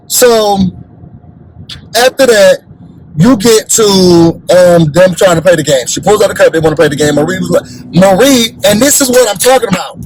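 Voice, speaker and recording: A man hosting a reality TV recap in an animated, blunt, sassy way, acting out what the cast said. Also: high-pitched, normal speed, husky, poor audio. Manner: sassy, blunt, acts out quoted cast members.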